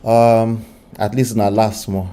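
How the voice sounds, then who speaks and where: A man's voice: fairly low pitch, level tone, measured pace, dark tone, clear, resonant tone, faint music behind. A man hosting a reaction commentary, talking casually with exasperated asides. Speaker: commentary channel host.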